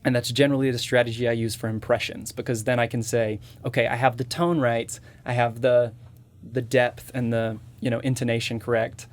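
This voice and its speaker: A man's voice: medium pitch, flat delivery, brisk. A man with a slightly nasal voice, a voice actor and impressionist guest explaining his techniques step by step in casual interview chat.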